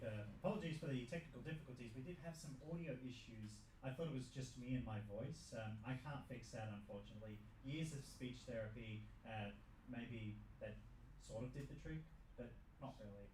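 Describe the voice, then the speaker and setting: A man's voice: mid-range voice, animated, brisk. A man hosting a comedy show, rambling and joking with the audience. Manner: rambling, jokey, chats with the audience. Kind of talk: casual stand-up banter. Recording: echoey room, distant mic, faint background noise.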